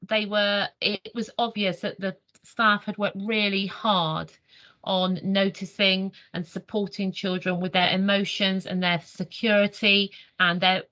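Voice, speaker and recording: A woman's voice: medium pitch, level tone, a little slow, sharp tone, highs cut off. An English woman on a video call, telling a story in a training session, often restarting her sentences. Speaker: early years adviser. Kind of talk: sharing an anecdote in online training.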